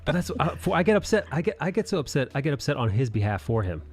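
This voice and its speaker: A man's voice: sing-song, fast talker, faint music behind. A man hosting a live drawing stream, joking and laughing in casual chat. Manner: joking, laughing, rises in pitch when amused.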